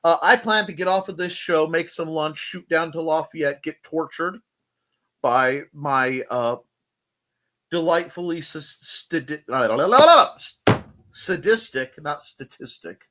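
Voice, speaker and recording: A man's voice: on the high side, measured pace, sharp tone. A man hosting a casual live chat show, playful and jokey, often breaking into silly voices. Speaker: host.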